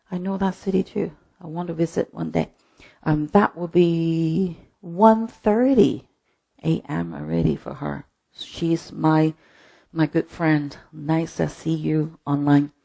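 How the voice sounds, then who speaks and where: A woman's voice: low-pitched, steady tone, unhurried, gravelly, dark tone, husky. A woman leading a live-streamed line dance class from home, chatting with viewers and calling out step counts. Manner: chatty, counts steps aloud.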